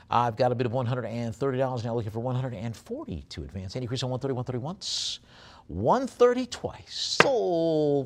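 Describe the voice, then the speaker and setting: A male auctioneer calling a live auction, rattling off bids quickly and describing each lot more slowly with frequent fillers. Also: mid-range voice, creaky. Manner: rapid bid calling between slower item descriptions with many fillers.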